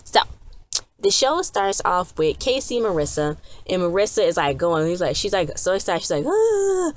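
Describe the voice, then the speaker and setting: A woman's voice: fairly low pitch, lively intonation, normal speed. Chatty woman rambling through a recap. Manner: rambling and chatty, with many fillers and "she was like" retellings. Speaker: TV episode reviewer. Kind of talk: casual episode recap to camera.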